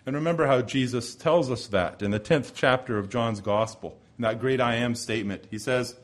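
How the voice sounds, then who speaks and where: A man delivers a sermon at a middle pitch, unhurried and rhetorical. He repeats key phrases and lets them build in weight before easing back down. The delivery is that of a practiced preacher addressing a congregation. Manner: measured, rhetorical, with repeated phrases and swells of emphasis.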